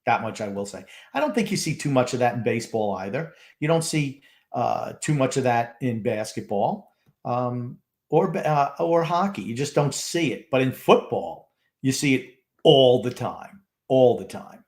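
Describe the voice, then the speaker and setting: An older man co-hosting a casual sports podcast with gruff, blunt remarks. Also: mid-range voice, expressive, normal speed, darkish tone. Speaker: podcast co-host.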